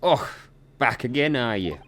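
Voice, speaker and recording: A man putting on a gruff Scottish prison governor. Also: mid-range voice, animated, measured pace, a bit bright, pitched above the performer's own voice. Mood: brusque. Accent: put-on Scottish. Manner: brusque, dialect-heavy, dismissive. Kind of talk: reading game dialogue aloud.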